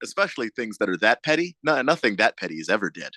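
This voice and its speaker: A man co-hosting sports radio with a fairly low, relaxed voice. He talks easily, laughs a lot, and stumbles through restarts as he thinks aloud. The mic sound is dry and close. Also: no room sound. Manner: easygoing, laughs often, halting restarts. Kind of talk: casual sports radio banter.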